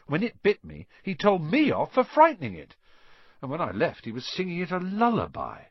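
A man voicing a grumbling, fast-talking eleven-year-old boy in a storybook reading. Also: fairly high pitch, wildly swooping pitch, slightly rough, dry recording, pitched above the performer's own voice, exaggerated voice. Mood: complaining. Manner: complaining, muttering, fast. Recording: dull dry recording.

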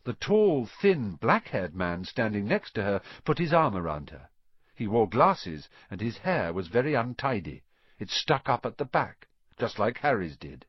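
A man narrating a story in an expressive reading voice, dropping to a hush at quiet moments. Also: fairly low pitch, a little slow, breathy edge, no echo, lo-fi sound. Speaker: audiobook narrator.

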